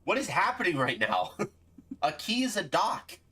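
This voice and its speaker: Game streamer chatting live, pitch jumping all over, bright tone, jokey and fed up. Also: a little slow, slightly rough. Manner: animated, playfully exasperated, laughs often. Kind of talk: casual live gameplay commentary.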